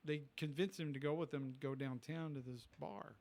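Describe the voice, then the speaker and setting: A man's voice: on the high side, steady tone, normal speed, a little mellow. A middle-aged man, a comedian guest, telling a rambling anecdote in casual podcast talk and acting out the people he quotes. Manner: rambling anecdote teller, acts out quoted voices.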